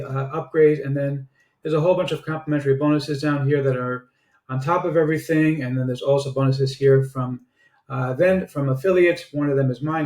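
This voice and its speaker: A man giving a casual product review and sales pitch, chatty and sprinkled with filler "uh"s. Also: darkish tone. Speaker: online marketer reviewing software. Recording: roomy echo.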